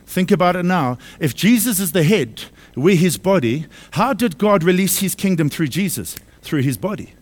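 At a church service, a pastor with a high, lively voice preaches to his congregation at a moderate pace with few pauses. He's emphatic, repeating key phrases and posing questions to them.

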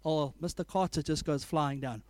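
A man preaching a sermon, telling animated stories, laughing often and acting out scenes. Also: on the high side, normal speed, no room sound.

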